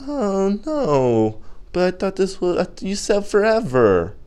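A man voicing a lovesick teenage boy who pleads and stammers in a strained, high voice. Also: very animated, slow, darkish tone. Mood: pleading.

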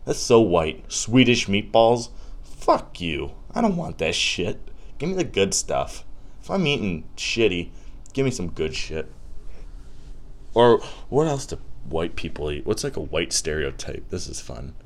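Profane rambling young man, low voice. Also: sing-song, a little slow. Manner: profane, rambling, loose and joking. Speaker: podcast host. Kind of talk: casual comedic rant.

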